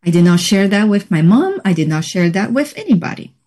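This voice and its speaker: A woman guest in an interview, telling a personal story in a reflective, measured way with frequent pauses. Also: mid-range voice, big pitch swings, warm tone. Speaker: interview guest, healing practitioner.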